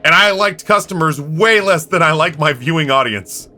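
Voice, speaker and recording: A man's voice: fairly high pitch, animated, moderate pace, sharp tone, faint music behind. A man in his thirties streaming live, rambling casually in a self-mocking way and acting out both sides of conversations. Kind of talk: casual livestream chat.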